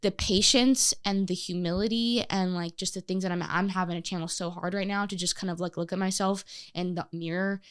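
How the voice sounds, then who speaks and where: A woman co-hosting a casual podcast chat, talking in an emphatic, animated way with many fillers and restarts. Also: fairly low pitch, fairly quick, hardly any pauses, smooth. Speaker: podcast co-host.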